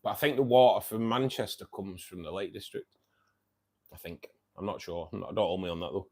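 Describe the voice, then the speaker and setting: A man's voice: low voice, fairly even intonation, fairly quick, a little mellow. A man hosting a casual livestream. He reads out viewers' chat, says "mate" a lot and laughs often. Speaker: livestream host reading chat.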